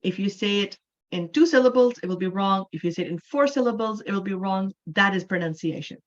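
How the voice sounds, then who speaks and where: A woman's voice: mid-range voice, brisk, highs cut off. A middle-aged Canadian woman teaching an English class, explaining patiently step by step with repeated examples. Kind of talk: online class lecture.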